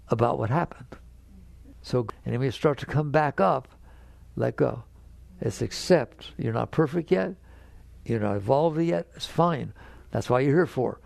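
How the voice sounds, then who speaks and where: A man's voice: vocal fry, darkish tone, no room sound. An older man, a spiritual teacher, talking directly to an audience and often checking that they follow him. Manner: direct, conversational, keeps checking the audience understands; grows emphatic and higher when making a point.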